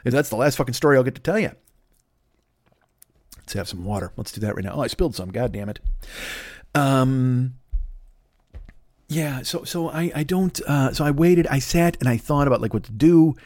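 A man in his fifties talks alone into a plugged-in podcast mic at home, rambling and profane, with constant restarts and asides. His voice sits at an ordinary middle pitch. The sound is dry and close, with no room echo. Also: expressive, moderate pace, long pauses, a little mellow. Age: 50s. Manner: rambling, profane, self-mocking, with many restarts and fillers. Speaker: podcast host. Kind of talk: solo late-night podcast rant. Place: home, at a desk with a laptop. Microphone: plugged-in podcast microphone.

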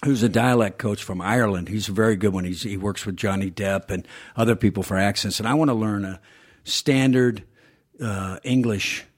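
A man's voice: on the low side, moderate pace. Easygoing guy w a slight southern drawl, rambling podcast chat, lots of uhs. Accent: light Southern US. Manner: relaxed, rambling, with frequent fillers. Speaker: actor. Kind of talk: casual podcast conversation.

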